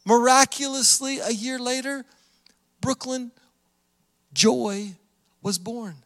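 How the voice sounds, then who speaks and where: Man, pastor, earnest repetitive preaching, high-pitched, long hall reverb. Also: slow pace, fairly bright tone. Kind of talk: sermon.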